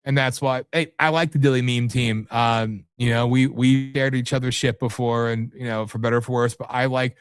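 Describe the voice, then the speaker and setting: A man's voice: mid-range voice, fairly even intonation, normal speed, hardly any pauses, clear, resonant tone. Combative, profane talk show host man. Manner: rambling, profane, combative, jumps between topics. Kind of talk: live political talk show rant.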